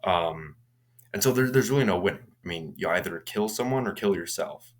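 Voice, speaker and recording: Young man, very deep voice, casual movie recap, halting and rambling. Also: lively intonation. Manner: rambling, with frequent restarts and fillers. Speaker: movie reviewer.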